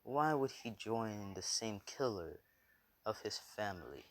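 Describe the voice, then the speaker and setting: A man voicing a cruel, mocking male demon lord in a casual fan story, speaking slowly and quietly with sneering taunts. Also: on the low side, lively intonation. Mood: quiet menacing.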